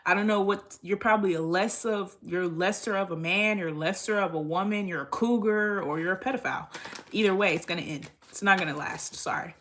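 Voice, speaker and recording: A woman's voice: medium pitch, fairly quick. A woman giving a casual tarot reading in a blunt, rambling way, swearing freely. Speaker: tarot reader.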